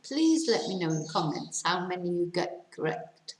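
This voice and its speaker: A British woman teaching English, reading quiz sentences aloud slowly and carefully with countdowns. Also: lowish voice, very animated, echoey room, slight background noise, rough recording. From Britain. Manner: careful slow dictation with countdowns.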